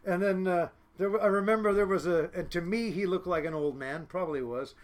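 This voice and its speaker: A man from Seattle, a fishing boat captain, telling casual podcast stories in a lively way, full of fillers and laughs. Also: high voice, brisk. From Seattle, United States. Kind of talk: casual storytelling.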